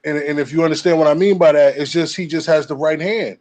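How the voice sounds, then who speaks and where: A man's voice: a little high, steady tone, fast talker, a little mellow. Hesitant man calling in on boxing. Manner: hesitant, fillers, repeats himself. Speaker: caller giving boxing take. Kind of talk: casual debate chat. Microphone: remote call.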